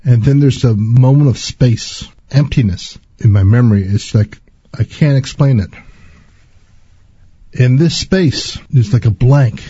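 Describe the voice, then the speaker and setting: A man talks through a personal spiritual testimony in a very dark, husky voice. He speaks earnestly and deliberately. The recording is dry and a little muffled. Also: medium pitch, dry recording.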